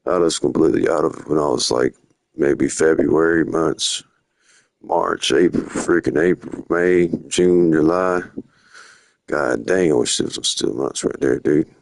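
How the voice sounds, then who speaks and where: A young man talks on a live stream, wandering loosely from one story to the next in casual slang. His voice sits very low. The sound is dry and close, with no room around it. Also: measured pace, creaky, dry recording. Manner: rambling, slangy, drifting storytelling. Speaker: livestreamer. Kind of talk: rambling live-stream chat.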